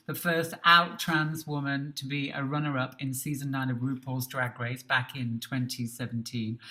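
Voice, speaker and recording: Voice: mid-range voice, sharp tone. A panel host opening a festival, introducing guests in an effusive, playful way. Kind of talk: live on-stage panel conversation.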